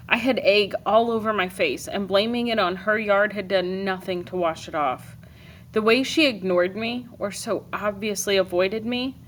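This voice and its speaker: Expressive woman teacher reading a novel aloud. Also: medium pitch, a little hiss or hum. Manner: expressive, dry comic timing. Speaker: teacher reading to her class.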